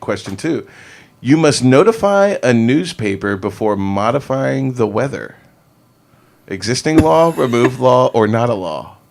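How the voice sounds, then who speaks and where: A man's voice: mid-range voice, expressive, measured pace, gravelly, darkish tone. A man hosting a casual talk show, dry and easygoing, reading out quiz questions. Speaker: host. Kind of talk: casual chat.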